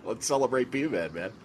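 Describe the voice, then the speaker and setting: A man's voice: medium pitch, slightly rough. A male podcast host who talks casually and eagerly, rambling with many restarts. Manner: enthusiastic, rambling, lots of restarts and fillers.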